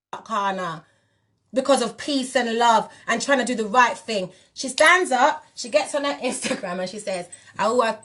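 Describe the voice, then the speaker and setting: A woman's voice: sits high, a bit bright. A woman in her forties from England, speaking in a British accent that slips into Jamaican patois, ranting emphatically and confrontationally on a livestream. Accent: British English mixed with Jamaican patois. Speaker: musician and spiritual wellness figure. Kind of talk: livestream rant.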